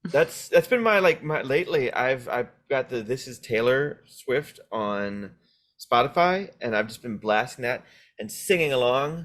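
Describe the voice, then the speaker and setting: Animated, lively-voiced trans woman host. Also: extremely low pitch, a little slow. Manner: laughing, rambling, animated storyteller. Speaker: podcast host. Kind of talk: casual chat.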